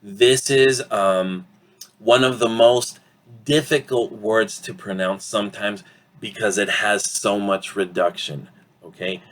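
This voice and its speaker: Slow, low-voiced male English teacher. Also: fairly even intonation, fairly bright tone. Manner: slow, deliberate modeling of words, frequent "okay?" checks. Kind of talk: online lesson.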